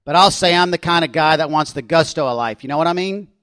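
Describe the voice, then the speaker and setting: A man's voice: fairly high pitch, fast, dry recording, natural voice. A man doing a brash Aussie adventurer. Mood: cocky. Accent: Australian. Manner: boastful, needling, loud and pushy. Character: brash, confident Australian outdoorsman, adult man.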